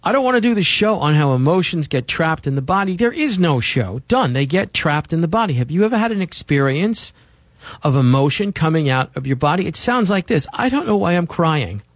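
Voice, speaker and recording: A man's voice: fairly high pitch, lively intonation, fairly quick, dry recording, highs cut off. A man hosting a health talk show, lecturing listeners in an emphatic, insistent way with a lot of repetition. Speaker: radio show host.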